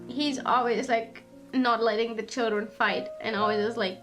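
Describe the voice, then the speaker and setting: A woman's voice: a little high, fairly even intonation, normal speed. A woman streamer with a stuffy nose, chatting casually on a livestream, emotional and tearful, rambling and swearing. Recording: music playing under voice. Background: background music.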